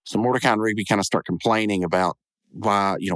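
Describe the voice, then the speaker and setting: A man's voice: fairly low pitch, quick pace, a bit bright, no room sound. A man hosting a podcast, casually recapping a cartoon episode with rambling, chuckling asides. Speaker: podcast host.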